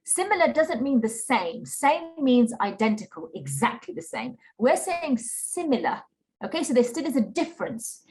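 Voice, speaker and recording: A woman's voice: on the high side, a little mellow. Patient woman teaching an online class. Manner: patient, repeats key points with frequent "okay?". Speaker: Qur'an teacher. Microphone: video call.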